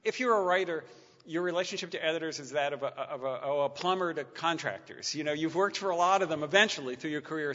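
A lecturer with a fairly high-pitched, sharp-toned voice gives a public talk and then takes audience questions. His humor is dry and wry, and he stammers and restarts often. The lecture-hall recording is muffled, with long reverb.

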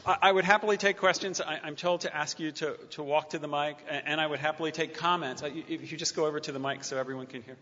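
A man's voice: on the high side, fairly even intonation, fast, few pauses, sharp tone, slight background noise. A man giving a public talk and then answering questions, with dry wry humor and many stammered restarts. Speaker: lecturer taking audience questions. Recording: muffled lecture-hall recording with long reverb.

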